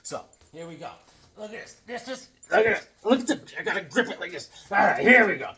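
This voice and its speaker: A man hosting a comedic unboxing vlog, rambling through jokes and stories with animated outbursts. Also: sits high, brisk. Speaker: comic book vlogger.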